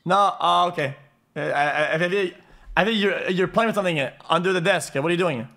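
A streamer man with a somewhat high voice chats with strangers online. He keeps stuttering and restarting his sentences, and he swears freely. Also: brisk, vocal fry, pushed and bright. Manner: stammering, repeats words, swears. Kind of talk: casual chat with strangers.

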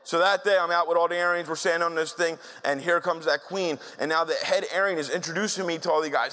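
A man's voice: a little high, fairly even intonation, quick pace, hardly any pauses, bright, forceful tone. Man telling a story in a hall. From South Philadelphia, USA. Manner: candid, conversational, frequent restarts. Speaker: speaker at a talk. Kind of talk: storytelling talk. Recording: long reverb in a hall.

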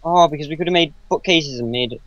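A man's voice: on the high side, quick pace, a bit bright. A man co-hosting a casual Let's Play, laid-back and chuckling with dry asides. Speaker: gaming channel co-host. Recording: dull lo-fi voice-chat mic.

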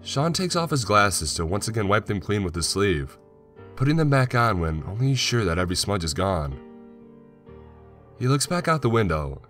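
A man narrating a horror story in a slow, measured way. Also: fairly low pitch, very animated. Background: soft music.

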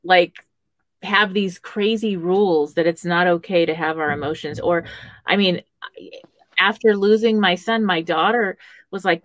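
A woman's voice: lowish voice, normal speed, no room sound. A woman hosting a conversational radio talk show, affirming her guest and sharing her own experience. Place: radio studio.

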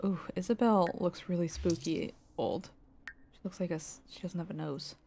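A woman's voice: lowish voice, moderate pace, gravelly, mellow. A woman streamer giving casual gameplay commentary, exasperated and swearing, with muttered asides.

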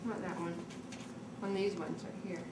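A mother in a home video, slowly and encouragingly coaching her toddler. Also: lowish voice, steady tone. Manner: slow, encouraging, sing-song prompting. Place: family home, indoors. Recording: roomy home room, mic far off, background noise.

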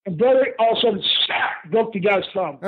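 Casting: older guy with a high voice, chatty storyteller, over a tinny phone line. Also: brisk, slightly rough. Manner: lively yarn-spinner who laughs often and says "brother". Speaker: guest, retired pro wrestler. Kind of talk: animated storytelling in an interview. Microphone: phone call.

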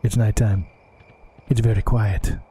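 A man putting on a deep, suave, hushed narrator voice for a sneaking hunter, speaking from a bit away from the mic. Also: little pitch movement, unhurried, slight background noise, lightly acted. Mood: hushed sly. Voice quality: low husky put-on voice.

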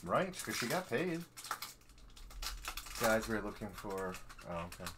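A man's voice: on the low side, big pitch swings, unhurried. A man hosting a hockey card break, chatting casually and joking with his co-host as he opens packs. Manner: loose, joking, trailing off mid-sentence. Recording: noisy room.

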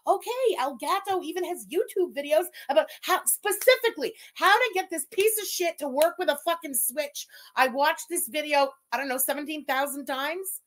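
A woman with a high voice hosts a casual livestream. She talks in an exasperated, profane, venting way, swearing freely as she complains. Between the rants she chats with her viewers. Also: normal speed, few pauses, a bit bright. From Quebec, Canada. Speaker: livestream host.

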